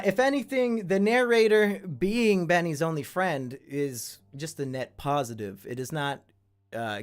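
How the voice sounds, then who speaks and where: A man hosting a live stream, reading out viewer stories and commenting to the chat in a blunt, crude, freely swearing way. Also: fairly high pitch. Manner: chatty asides to the chat.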